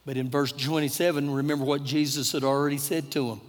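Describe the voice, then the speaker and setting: A man's voice: mid-range voice, fairly even intonation, fast, few pauses. A man with a Texan accent, a pastor preaching an earnest, conversational sermon with repeated phrases. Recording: long church-hall reverb.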